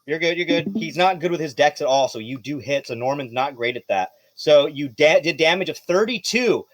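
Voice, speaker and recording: Lively, higher-voiced male game master; swears casually, dry close sound. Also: a little fast, dry recording. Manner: lively, profane, apologetic. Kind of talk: running a tabletop game.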